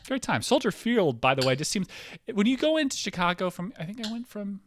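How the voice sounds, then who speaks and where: A man hosting a casual podcast, rambling excitably with lots of fillers, restarts and swearing. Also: high-pitched, quick pace, a little hiss or hum. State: hyper, excitable. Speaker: podcast host.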